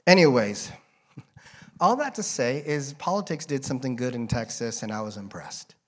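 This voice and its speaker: A man's voice: medium pitch, animated, normal speed. A man preaching a casual sermon to a church congregation, joking and wandering off on tangents as he talks. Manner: rambling, joking, drifting into tangents. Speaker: guest preacher.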